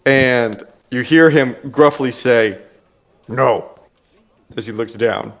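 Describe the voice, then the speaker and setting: A man narrating a tabletop role-playing game as game master, in a relaxed, chatty way. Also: mid-range voice, a little slow, highs cut off. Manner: relaxed and chatty, laughs easily.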